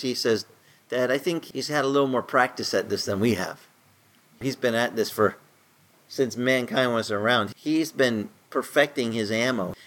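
A middle-aged man preaching in a conversational sermon style, his voice climbing higher when he stresses a point. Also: a bit bright. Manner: conversational preaching, rises in pitch for emphasis. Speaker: pastor.

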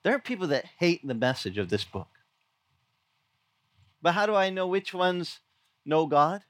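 A man's voice: on the high side, expressive, unhurried, fairly bright tone, no echo. A middle-aged man preaching a sermon in a conversational, storytelling way, acting out quoted lines. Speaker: pastor. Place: outdoor beach gathering.

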